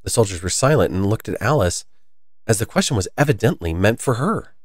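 A man reading a classic children's story aloud in a lively, expressive way. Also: on the low side, fairly quick, dry recording.

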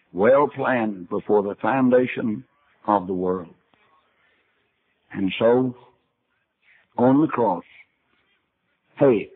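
A man's voice: on the low side, breathy edge. An older man preaching a sermon, telling Bible stories in a folksy way and acting out the dialogue himself. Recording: tinny archival sermon recording.

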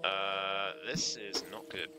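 A man's voice: low-pitched, extremely slow, music in the background. A man chatting casually as he streams a video game, reacting aloud and laughing often. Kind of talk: casual live gameplay commentary.

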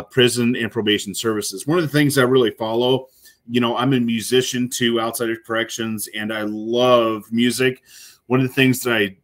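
A man's voice: mid-range voice, fairly bright tone. A man, a corrections officer, giving casual, rambling commentary while reacting to a video, with many fillers and restarts.

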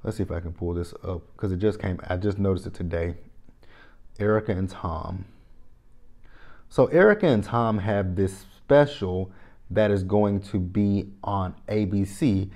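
A man giving a casual, animated reality TV review, repeating phrases for effect. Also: low voice, measured pace. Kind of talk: casual commentary.

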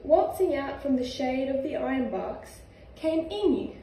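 A young Australian woman reading a children's picture book aloud in a gentle, sing-song way. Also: high voice, sing-song, unhurried, slight background noise. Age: young adult. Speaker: reader, footballer. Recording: echoey room, far from mic.

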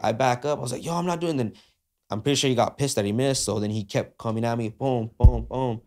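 A man's voice: mid-range voice, fairly even intonation, brisk, a little mellow. A man, a podcast guest, retelling a story in slangy casual speech, full of "like" and "uh", acting out the quoted dialogue. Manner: frequent fillers like "like" and "uh".

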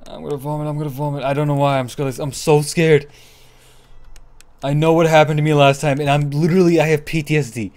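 A young man with a gravelly, slightly high voice talks through a horror game on his channel. He frets, curses and repeats himself, dropping to hushed mutters and then breaking into short startled shouts. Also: level tone, quick pace. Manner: scared, swearing, repeating himself in whispers and yelps. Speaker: gaming channel host. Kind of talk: horror game let's play commentary.

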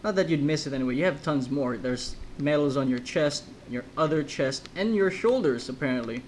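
A man chatting over his gameplay, rambling on with joking asides in a fairly high voice. A faint hiss of noise runs under the recording. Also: lively intonation, a little fast, a little mellow, poor audio. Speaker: let's play host. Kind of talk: casual gameplay commentary.

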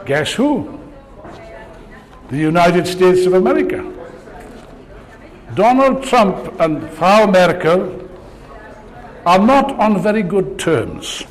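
Sarcastic older man speaking in a hall. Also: high voice. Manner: sarcastic, rousing, rhetorical questions. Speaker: political speaker. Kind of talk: political speech.

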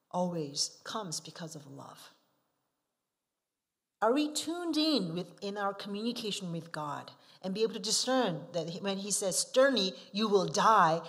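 A woman missionary preaching a sermon, asking the congregation rhetorical questions and stressing key words emphatically. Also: medium pitch. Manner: asks the listeners frequent rhetorical questions; emphatic, swinging from soft asides to forceful stresses.

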